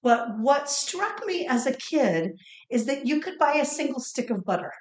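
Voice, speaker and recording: A woman's voice: high-pitched, sing-song, moderate pace, reverberant, a crowd in the background. A woman from Ohio co-hosting a cooking podcast, chatting and telling stories while she cooks in a home kitchen. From Ohio, USA. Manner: chatty, storytelling, laughs often. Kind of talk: casual chat while cooking.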